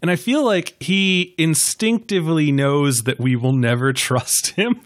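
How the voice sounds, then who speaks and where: A man's voice: fairly high pitch, measured pace. A man hosting a podcast, chatting casually about a film, rambling with many fillers and acting out quotes. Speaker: podcast host.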